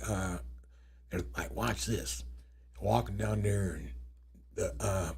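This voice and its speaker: Man, 50s, husky, blunt profane talk-show co-host. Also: fairly low pitch. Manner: blunt, profane, joking storyteller. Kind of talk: casual chat.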